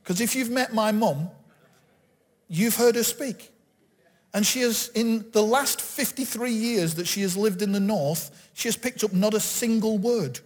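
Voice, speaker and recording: A middle-aged man from England, preaching a lively sermon and acting out the quotes he tells. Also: high voice, measured pace. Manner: animated preaching, acts out quotes. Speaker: guest pastor. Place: church hall. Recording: reverberant church hall.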